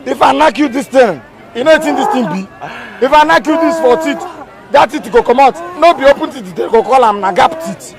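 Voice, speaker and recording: A man's voice: very high-pitched, expressive, brisk, creaky, full character voice. An actor playing a proud, short-tempered village king in a comedy skit, speaking with a Nigerian accent in a blustering, threatening way. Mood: raging. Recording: outdoor take with loud crowd.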